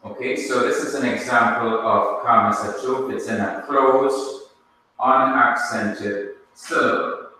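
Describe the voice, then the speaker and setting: Guy teaching a class, slow and careful, bright voice, big echoey room. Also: mid-range voice, fairly even intonation. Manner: slow, explains step by step, spells things out. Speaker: Hebrew teacher. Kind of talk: classroom lesson. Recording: echoey hall, speaker far from mic.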